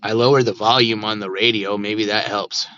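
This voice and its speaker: A man's voice: lowish voice, steady tone, moderate pace, bright, forceful tone. A man live-streaming while he drives, chatting loosely to his viewers and to himself through a Bluetooth mic in the car. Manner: rambling, talks to himself and chat, playful nonsense words. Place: inside a car. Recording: dull lo-fi stream audio with road noise.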